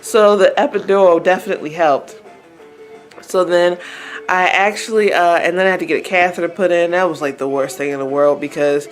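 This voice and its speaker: A young woman telling her birth story in a casual home vlog, chatty and laughing often, with her baby beside her. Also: on the low side. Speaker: vlogger.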